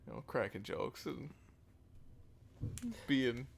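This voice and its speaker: Gravelly-voiced joking podcast guy. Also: medium pitch, takes it slowly. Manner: joking, teasing, laughs often. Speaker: podcast co-host. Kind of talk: casual chat.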